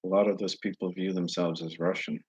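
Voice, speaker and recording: A man talking straight to his viewers in a casual monologue, earnest and halting as he searches for words. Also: sits low, level tone, darkish tone, slightly rough, no room sound. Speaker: vlogger addressing viewers. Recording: dull lo-fi recording.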